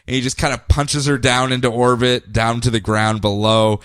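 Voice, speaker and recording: A man co-hosting a podcast, recapping comic books in a casual, animated way. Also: medium pitch, moderate pace, smooth, dry recording. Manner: animated, acts out character quotes in funny voices. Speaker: podcast co-host.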